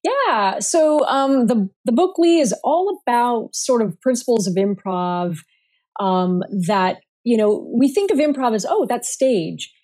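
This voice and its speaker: A woman guest on a marketing podcast, talking in an animated, playful way and laughing often. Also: a little high, a little slow. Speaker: guest, marketing speaker and author. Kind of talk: casual podcast interview.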